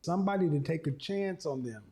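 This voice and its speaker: A man with a high voice lectures a caller bluntly on an advice show. His manner is confrontational and he swears freely. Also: animated, fairly quick, dark tone. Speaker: relationship talk show host.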